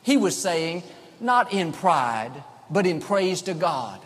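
A man preaching a sermon as pastor, emphatic, with dramatic pauses. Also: sits high, very animated. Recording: long reverb of a large hall.

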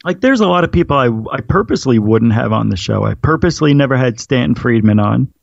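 A man's voice: mid-range voice, animated, quick pace, creaky, no echo, muffled recording. A man who hosts a paranormal radio show, chatting as an interview guest and telling rambling stories with lots of fillers. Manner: rambling storyteller with frequent fillers. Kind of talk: casual interview chat.

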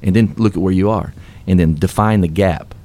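A man's voice: low-pitched, a little fast, mellow. A man guest on a radio show, telling his success story with earnest, upbeat, preacher-like emphasis. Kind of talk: motivational storytelling in a radio interview.

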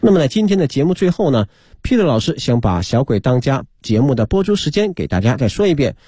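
A man hosting a children's radio program, briskly announcing broadcast times. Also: mid-range voice, very animated, warm tone, breathy edge. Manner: brisk, informative. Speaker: radio show host. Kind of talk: closing announcement.

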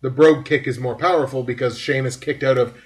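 A man's voice: medium pitch, steady tone, fast. A man hosting a podcast, giving a rambling, filler-heavy breakdown in casual chat. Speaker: podcast host.

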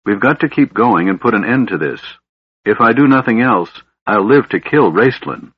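A stern knight, blunt and harsh-spoken, as a man reads him, with a deep, husky voice on a muffled audiobook recording. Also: lively intonation, moderate pace, no echo. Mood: grim. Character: stern, grim male knight.

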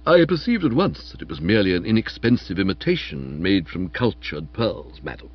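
A man voicing a calm, formal manservant who speaks quietly and respectfully, in a dull-sounding recording. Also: deep voice, a little fast, pitched below the performer's own voice. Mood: measured. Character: imperturbable, deferential manservant, man.

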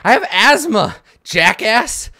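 A man's voice: fairly low pitch, very animated, moderate pace, pushed and bright, dry recording, clean studio sound. A man doing a stubborn pudgy teen boy. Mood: winded. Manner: blunt, dismissive. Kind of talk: tabletop game role-play.

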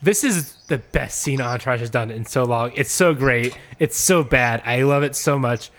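A man's voice: mid-range voice, normal speed, a bit bright. A man hosting a podcast in casual comedic chat, brash and profane. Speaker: podcast host.

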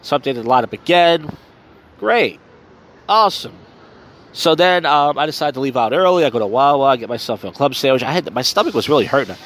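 Walking outdoors at night on a street, a man hosting his own podcast talks fast and animatedly in a mid-range voice, barely pausing. He rambles casually through his week by himself, with fillers and swear words.

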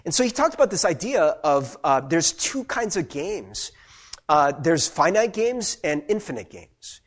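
A man preaches in a high, husky voice that swings widely up and down. He talks to his listeners in a loose, conversational way and often checks in with them. It sounds like a pastor speaking straight to his congregation. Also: big pitch swings, a little slow. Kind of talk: sermon.

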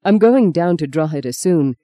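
An audiobook reader voicing a gentle, kind young priest who talks in a soft, reassuring way. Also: mid-range voice, animated, moderate pace, close to an everyday voice. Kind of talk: audiobook reading.

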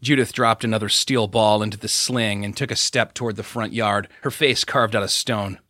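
Bright-voiced male audiobook narrator. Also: on the low side, steady tone, normal speed, no room sound.

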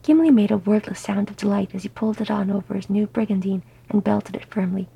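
Husky woman reading a story. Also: medium pitch, fast, few pauses, highs cut off. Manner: animated, voices each character. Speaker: audiobook reader. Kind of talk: fan fiction audiobook narration.

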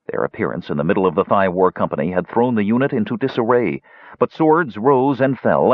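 Male narrator, low husky voice, lively storyteller, dry muffled recording. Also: no room sound. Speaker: audiobook narrator. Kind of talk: scripted narration.

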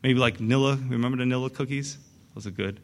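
A man preaching a sermon, animated, acting out the voices in the story with big swings in pitch. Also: fast talker. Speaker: pastor.

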